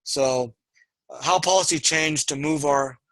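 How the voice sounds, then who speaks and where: A man's voice: on the high side, a little slow, fairly bright tone, no room sound, low-quality recording. A man lecturing an online university class in a discursive way, with frequent fillers and restarts.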